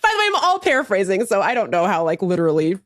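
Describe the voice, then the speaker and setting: A woman's voice: medium pitch, sing-song, very fast, fairly bright tone, no echo, clean studio sound. A woman co-hosting a podcast, telling a story in casual chat with swearing and frequent laughter. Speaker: podcast co-host.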